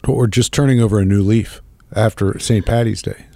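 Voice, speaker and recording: Male co-host, soft dark tone, dry teasing quips. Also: fairly low pitch, fairly even intonation, normal speed, slight background noise. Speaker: podcast co-host. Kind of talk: casual banter.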